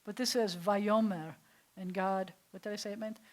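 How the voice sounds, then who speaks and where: A woman rabbi leads a Hebrew class in a mid-pitched voice. She explains with clear enthusiasm and turns to hushed, breathy whispers when she wants a point to land. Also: fairly even intonation, moderate pace, rough recording. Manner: enthusiastic, drops to soft breathy whispers on key phrases. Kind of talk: classroom lesson. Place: synagogue classroom.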